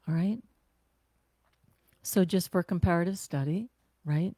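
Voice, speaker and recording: A woman teaching a guided self-care breathing class, talking gently and conversationally with sighs and slow exhales. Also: fairly low pitch, no echo.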